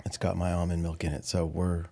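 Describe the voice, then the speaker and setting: A man's voice: sits low, level tone, fairly quick, gravelly, warm tone. A man hosting a casual podcast, talking in an upbeat, playful way. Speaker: podcast host.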